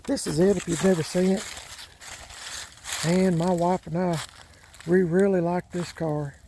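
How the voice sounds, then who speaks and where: An older man rambles on in a folksy vlog, his voice sitting a little high. He fills his talk with lots of "uh" and "you know." The audio is noisy, with car and yard sounds picked up outdoors. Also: fairly even intonation, a little slow, warm tone. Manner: rambling, folksy, with many fillers. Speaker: channel host. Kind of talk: casual vlog narration while moving cars. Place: outdoors in a yard, in and around cars.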